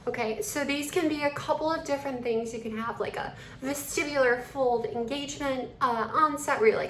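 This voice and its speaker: A woman's voice: high-pitched, a little fast, hardly any pauses, echoey room, a little hiss or hum. A young woman voice teacher explaining vocal techniques and switching into a demonstrated male voice to show the difference. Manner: switches between her own and a demonstrated male voice.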